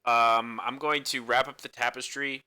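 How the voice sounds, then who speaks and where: A man's voice: mid-range voice, flat delivery, moderate pace, sharp tone, clear, resonant tone. A man playing a tabletop game, stating his actions hesitantly as he thinks aloud. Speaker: player. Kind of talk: casual tabletop play.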